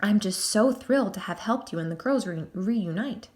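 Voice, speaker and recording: A woman's voice: mid-range voice, lively intonation, normal speed, darkish tone, lightly acted. A woman voicing a stern, bossy woman caseworker with a clipped, scolding manner. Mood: fake polite.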